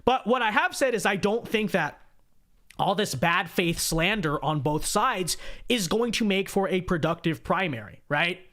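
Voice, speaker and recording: Male livestream host, high voice, loose conversational delivery with repeated phrases. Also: lively intonation, unhurried, fairly bright tone. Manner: chatty, repeats phrases, frequent "okay?" asides. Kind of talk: casual livestream talk, reading viewer donations.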